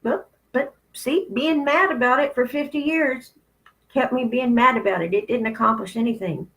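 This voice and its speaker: A woman's voice: on the high side, normal speed, fairly bright tone, rough recording. Blunt, profane woman in her fifties. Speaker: spiritual channel host. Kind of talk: candid spiritual talk.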